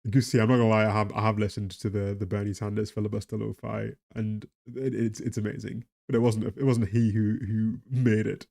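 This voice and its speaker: A man's voice: lowish voice, flat delivery, a little fast, vocal fry, hardly any pauses, mellow. A tired man with a weak Geordie accent, chatting casually on a live stream, rambling and laughing about the economy. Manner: laughing, rambling, talks to chat and a pet.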